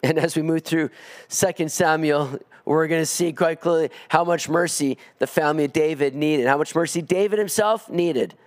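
Earnest preacher, slightly higher voice. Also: male voice, moderate pace. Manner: earnest preaching, rising in pitch on emphatic pleas. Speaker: pastor. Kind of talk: expository sermon.

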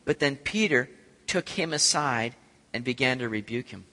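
A man preaching a sermon, animated, acting out scenes and swinging from loud to soft. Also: mid-range voice, normal speed. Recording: echoey hall.

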